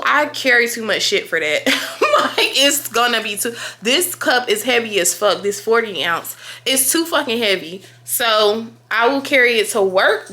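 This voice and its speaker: Bright-voiced excitable young woman vlogging. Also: on the high side. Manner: profane, loud and excitable, talks to viewers as y'all. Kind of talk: casual vlog chat.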